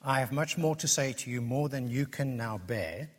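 Man, preacher, earnest sermon, emphatic repetition, husky tone, long hall reverb. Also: mid-range voice, expressive, normal speed.

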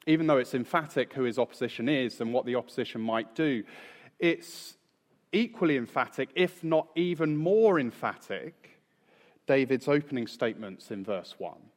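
A man preaches a sermon in measured, emphatic fashion, slowing to stress key phrases. His animated, mid-range voice rings with long reverb from a large hall.

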